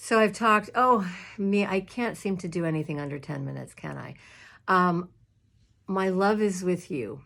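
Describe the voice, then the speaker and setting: A woman minister giving casual, heartfelt advice to fellow clergy, chatty and emotional, with fillers and small laughs, in a room with a squeaky chair. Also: a little slow, gravelly, fairly bright tone.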